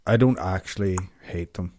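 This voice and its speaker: A man's voice: sits low, normal speed, mellow, a little hiss or hum. A young man, co-hosting a casual podcast chat, rambling and swearing freely as he talks. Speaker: podcast co-host.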